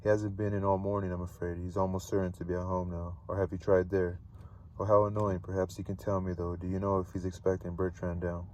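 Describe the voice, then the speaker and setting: A man's voice: low voice, flat delivery, brisk, darkish tone, a little hiss or hum, close to an everyday voice. A man reading a polite young woman.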